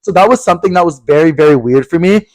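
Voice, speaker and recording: A young man co-hosting a podcast, telling a story in casual chat, animated and swearing a lot as he acts out angry quotes. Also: on the high side, fast, dry recording, rough recording. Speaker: podcast co-host.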